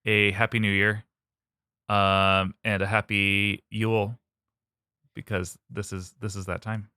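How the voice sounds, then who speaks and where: A man's voice: fairly low pitch, flat delivery, slow, bright, forceful tone, clear, resonant tone, no echo, clean studio sound. A man from the United States co-hosting a podcast in casual chat, rambling with many fillers and laughing often. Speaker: podcast co-host.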